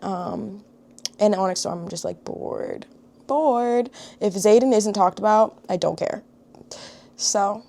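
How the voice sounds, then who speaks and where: A young adult woman, chatting casually to camera as a book vlogger, emotional and quick to laugh, with thoughts that trail off. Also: mid-range voice, mellow. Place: home room.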